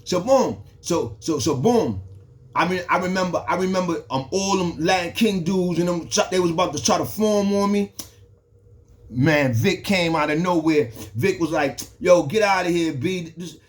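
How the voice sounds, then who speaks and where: A man's voice: sits high, animated, moderate pace, faint music behind. A young man from the Bronx, telling a jail story in loose, slangy casual talk with frequent restarts. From the Bronx, New York.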